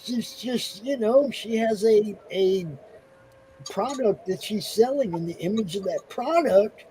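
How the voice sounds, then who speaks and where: A man's voice: sits high, unhurried, a little mellow, slight background noise, poor audio. A man in a casual group chat, brash and joking.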